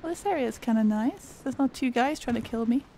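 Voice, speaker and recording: A woman's voice: a little high, a little fast, mellow, a little hiss or hum. A woman giving casual, jokey commentary while playing a video game, laughing often. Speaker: gaming streamer.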